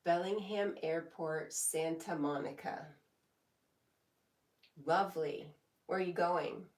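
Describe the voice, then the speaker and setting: Slow-talking woman reading stream comments. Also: on the low side, distant mic. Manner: slow, relaxed, laughs often between comments. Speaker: live streamer. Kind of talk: casual live stream chat, reading comments aloud. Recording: echoey room, voice a bit off mic.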